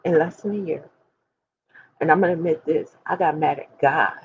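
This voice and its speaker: A woman's voice: low-pitched, fairly even intonation, normal speed, lo-fi sound, a little hiss or hum. A woman of forty talking candidly and emphatically to her viewers, speaking straight to them like a preacher. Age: 40s. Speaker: host. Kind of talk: candid personal talk to viewers.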